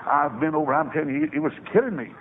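A man preaching a revival sermon, telling stories with sudden soaring shouts. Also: on the high side, expressive, rapid-fire, crowd noise. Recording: tinny phone-like old radio recording with faint hiss.

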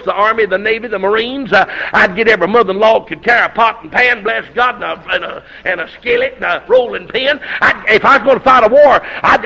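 A middle-aged man preaching a fiery, folksy sermon that breaks into shouting bursts, heard on a dull lo-fi recording. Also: sits high, gravelly.

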